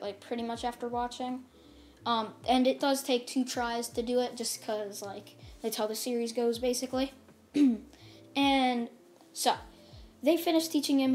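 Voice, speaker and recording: A woman casually retelling a fan-made story, rambling along and filling her pauses with "like" and "um". Her voice sits slightly high. Faint music plays softly behind her. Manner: rambling, heavy with fillers. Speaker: storyteller, channel host.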